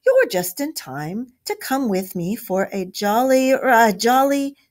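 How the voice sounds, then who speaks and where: A woman voicing a boastful, cheerful male toad, exuberant and loud. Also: fairly high pitch, big pitch swings, slow, pitched above the performer's own voice.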